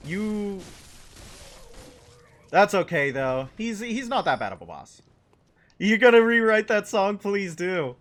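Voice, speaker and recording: A man streams a game and talks to his chat in an easygoing, joking way. His voice sits a little high and swings up and down a lot. He reacts to the game and answers viewer questions in plain casual speech. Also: very animated, slow pace, long pauses, a bit bright.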